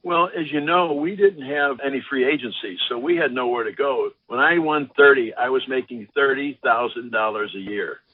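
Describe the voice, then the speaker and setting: An older former ballplayer telling lively anecdotes in an interview, acting out the voices of the people he quotes. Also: medium pitch, normal speed, few pauses, no room sound. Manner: animated anecdotes, acts out quotes. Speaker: former baseball pitcher, guest. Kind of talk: storytelling interview. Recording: dry, phone-like line.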